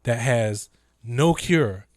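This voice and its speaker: A man's voice: mid-range voice, animated, extremely slow, dry recording, clean studio sound. A man hosting a live stream, telling stories animatedly with lots of fillers and impressions. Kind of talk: casual chat.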